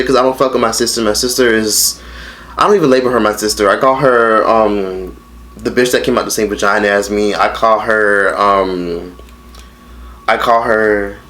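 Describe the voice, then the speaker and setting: A man's voice: fairly low pitch, fairly bright tone. A man in his late teens telling a story in a casual mukbang vlog, blunt and profane, rambling with lots of fillers. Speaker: vlogger.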